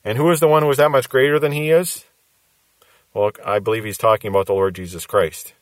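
A man's voice: on the low side, fairly even intonation, a little fast, dry recording. A man preaching a verse-by-verse Bible teaching sermon, explaining patiently and repeating key phrases for emphasis.

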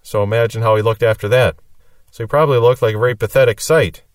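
A man teaches scripture in a steady, mid-pitched voice. He reads a verse and then explains it plainly. The sound is dry, and he stands a little back from the microphone. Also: fast, no echo, distant mic. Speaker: Bible teacher.

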